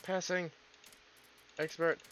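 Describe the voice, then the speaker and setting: A man's voice: on the high side, level tone, slow pace, a bit bright, poor audio. A man chatting casually while streaming a video game, rambling and swearing often. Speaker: streamer, VTuber.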